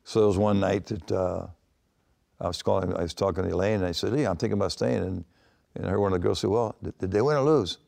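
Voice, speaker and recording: Speaking fast in a low, gravelly, darkish voice with fairly even intonation, an older former baseball manager tells stories as an interview guest. His answers wander through long anecdotes, with frequent restarts and voiced quotes.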